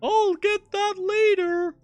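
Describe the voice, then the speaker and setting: Man doing a boisterous middle-aged dad, high strained put-on accent, goofy, video game character. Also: level tone, slow, no room sound, soft background music.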